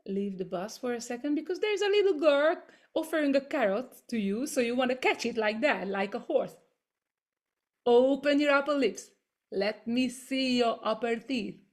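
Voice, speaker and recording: A woman leading a voice workshop over a video call, gently coaching step by step through exercises in English that is not her first language. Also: on the high side, expressive, normal speed. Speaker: voice workshop leader. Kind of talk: guided voice and body exercises.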